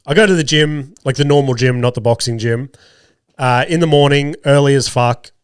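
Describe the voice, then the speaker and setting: Rough-voiced from illness, a podcast host in his thirties with an Australian accent swears his way through self-deprecating stories in a casual monologue. He speaks at a moderate pace in a mid-range, clean tone, captured in a clean studio with no room sound.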